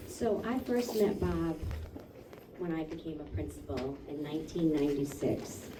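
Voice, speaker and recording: A woman's voice: low voice, expressive, normal speed. A woman superintendent giving a tribute speech at a school library ceremony, recalling memories with light laughs. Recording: echoey room from far off, background noise.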